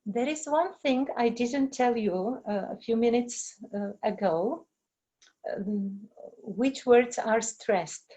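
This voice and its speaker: A woman's voice: fairly high pitch, slow pace, warm tone, poor audio. A woman trainer giving an online teaching webinar, talking with many fillers and small apologies, in a non-native English voice on a computer microphone. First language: Czech. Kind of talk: webinar presentation.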